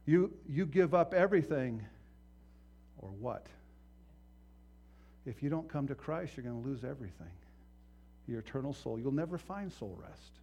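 This male pastor's sermon swings from hushed to loud with real passion, and he voices the characters in his stories. His mid-range voice moves through big pitch changes at a normal speed, with long pauses.

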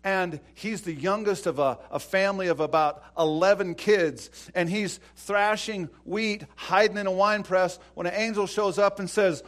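A middle-aged pastor preaches with a fairly high voice. He tells stories with energy, acting out the dialogue. His delivery swings from loud, raised passages down to hushed, quiet lines. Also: moderate pace. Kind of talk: sermon.

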